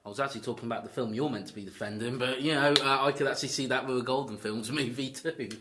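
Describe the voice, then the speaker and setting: A man's voice: mid-range voice, quick pace, noisy background. A man hosting a film review podcast, arguing his points in a sarcastic, mock-earnest way. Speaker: podcast host. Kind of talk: casual film review chat.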